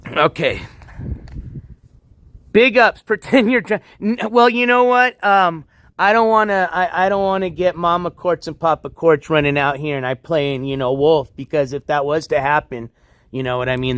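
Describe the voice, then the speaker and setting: High-voiced laid-back man streaming by a pool. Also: normal speed, fairly bright tone, smooth, no room sound. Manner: laid-back, rambling, chuckles often. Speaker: livestream host. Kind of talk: casual livestream chat. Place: outdoors by a backyard pool at night. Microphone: handheld phone.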